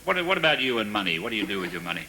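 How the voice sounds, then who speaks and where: A man's voice: fairly low pitch, very animated, rapid-fire, bright, forceful tone, rough recording. Australian man asking from the audience. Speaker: audience member.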